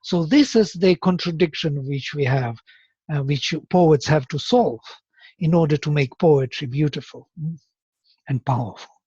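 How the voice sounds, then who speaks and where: Teacher explaining meter patiently, husky voice, muffled dry sound. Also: mid-range voice, unhurried, darkish tone, no room sound. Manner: patient, explanatory, asks for confirmation. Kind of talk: explaining to a student.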